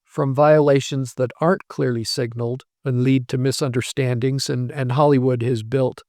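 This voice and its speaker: A male professor speaks in a patient, explanatory way, building his points from everyday examples. His voice has a gravelly edge and sits at an ordinary middle pitch. The recording is dry, with little room sound around him. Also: steady tone, moderate pace, darkish tone, dry recording. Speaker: language professor as guest. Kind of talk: explanatory interview talk.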